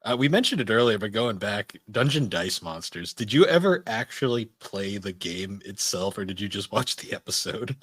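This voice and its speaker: A man's voice: on the low side, animated, normal speed, few pauses, fairly bright tone, slightly rough, no echo. A man chatting as a podcast guest, wry and amused, swearing and chuckling as he tells stories. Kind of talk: casual chat.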